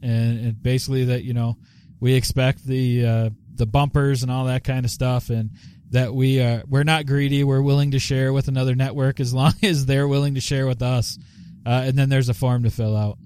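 Male podcast host, mid pitch, dry close sound, rambling and chatty. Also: level tone, moderate pace, warm tone, clean tone, dry recording. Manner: rambling with many fillers and laughs. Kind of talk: casual live show chat.

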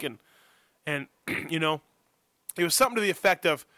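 Speaking fast in a fairly high, bright, forceful voice, a motocross journalist joins a podcast interview from his home office. He's casual and self-deprecating, rambling with many fillers and restarts. There's no echo.

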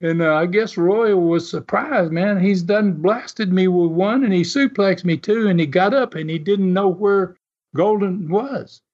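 A man casually telling an animated, folksy story and chuckling often as he goes. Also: high-pitched, measured pace. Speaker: storyteller recalling wrestling TV. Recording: dull lo-fi sound.

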